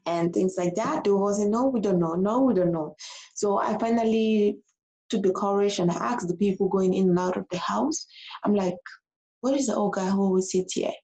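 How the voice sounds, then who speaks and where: A woman's voice: mid-range voice, fairly quick, dark tone, poor audio. A woman living abroad tells a personal story to her followers in a casual, emotional vlog, repeating herself and getting tearful. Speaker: vlogger.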